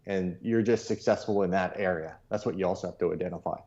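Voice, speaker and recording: A man's voice: low voice, fairly even intonation, quick pace, darkish tone, muffled recording. A man talking casually as a podcast guest, earnestly telling a motivational story and repeating his key points.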